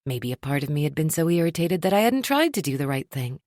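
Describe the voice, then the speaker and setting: A woman reads a first-person romance audiobook with wry, expressive storytelling. Her voice sits a little low but swings widely in pitch. The recording is dry and close. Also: fast, dry recording. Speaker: audiobook narrator.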